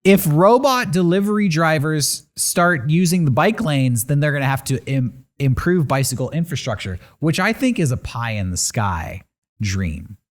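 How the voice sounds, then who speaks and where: Animated man telling news stories. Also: fairly high pitch, moderate pace. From San Diego area. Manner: animated storytelling with sarcastic asides. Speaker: podcast co-host. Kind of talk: casual podcast chat.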